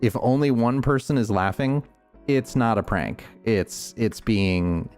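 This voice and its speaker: Faint music plays behind a streamer with a Northeastern US accent as he chats casually during gameplay. His medium-pitched voice is clear, resonant and darkish, a little slow. He rambles thoughtfully and restarts often.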